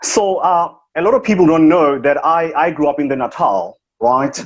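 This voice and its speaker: This impressionist's voice sits on the high side, very animated and breathy at a normal pace, and heavily acted. He's comically playing a pompous South African businessman who brags and scolds on a phone video call, captured in lo-fi livestream sound.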